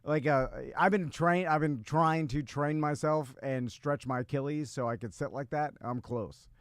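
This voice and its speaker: Laughing often and restarting many times, this man co-hosts a podcast in a rambling, casual conversation. He speaks at normal speed in a clear, resonant, slightly high voice, with clean studio sound and no echo.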